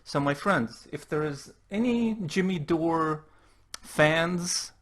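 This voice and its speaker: Mocking youtube commentary guy, kinda high voice, swears a lot. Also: slow pace, a bit bright. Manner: mocking, profane asides. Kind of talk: sarcastic commentary.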